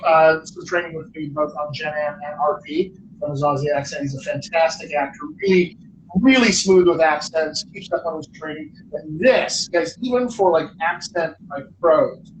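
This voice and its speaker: A man hosting a live-stream Q&A as a dialect coach, chatty and reading out viewer questions. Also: fairly high pitch. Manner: chatty, reads questions aloud, playful nagging. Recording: echoey room, from far off, faint noise.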